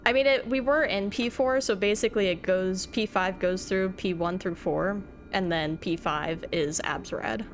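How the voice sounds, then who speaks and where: Excitable laughing woman streamer. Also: mid-range voice, normal speed, hardly any pauses, soft background music. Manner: excitable, laughing often, emotional. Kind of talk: live gameplay stream chat.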